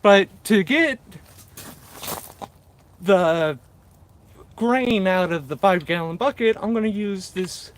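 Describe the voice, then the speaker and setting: Indoors at his mushroom-growing workspace, a man chats casually on a live stream while working, reading viewer comments aloud and joking about himself. His high-pitched voice is slow with long pauses, and he sounds short of breath. A nearby camera picks him up as he moves in and out of frame, with a little hiss or hum.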